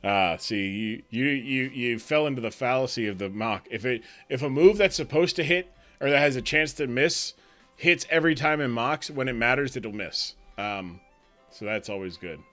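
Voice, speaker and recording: A man's voice: medium pitch, normal speed, a bit bright, faint music behind. A man hosting a live stream as league commissioner, chatting loosely, laughing often and trailing off mid-sentence. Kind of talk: casual live-stream banter.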